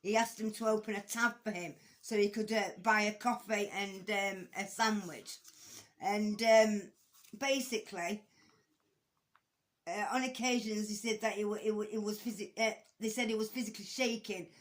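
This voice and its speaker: A woman talks through a court case in an unscripted, conversational commentary. She is blunt and swears casually, and her speech is full of hesitations and restarts. Her pitch sits in the middle. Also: steady tone, normal speed. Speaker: true-crime commentator.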